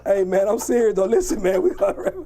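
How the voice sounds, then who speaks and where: A man's voice: high voice, very animated, brisk, gravelly, crowd noise. A man hosting a podcast, telling rowdy stories with lots of laughter and acted-out scolding. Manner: boisterous storytelling, laughing, acting out scolding. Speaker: podcast host. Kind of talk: casual podcast chat.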